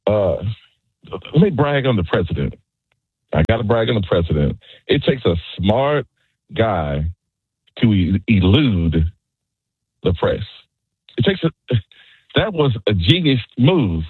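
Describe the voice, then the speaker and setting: A male caller on a radio show giving his opinions in a halting way, repeating words as he goes, over a phone line. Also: on the low side, big pitch swings, slightly rough, no echo.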